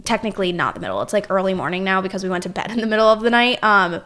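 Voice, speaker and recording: A woman guest in a studio telling a story in a casual chat, animated and full of fillers. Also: mid-range voice, very fast.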